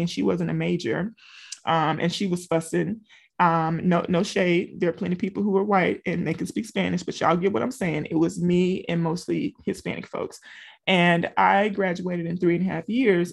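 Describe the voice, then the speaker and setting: A woman's voice: fairly low pitch, creaky. A middle-aged woman from small-town Louisiana, a business coach talking casually and directly to her listeners with many asides. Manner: chatty, talks straight to listeners with frequent asides. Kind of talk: casual motivational talk.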